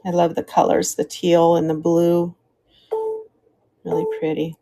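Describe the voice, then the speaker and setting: Mellow-voiced American woman selling jewelry live. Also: on the low side, monotone, a little slow, creaky. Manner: chatty, calls out starting prices and thanks viewers by name. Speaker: live-stream jewelry seller. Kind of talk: live auction stream chat.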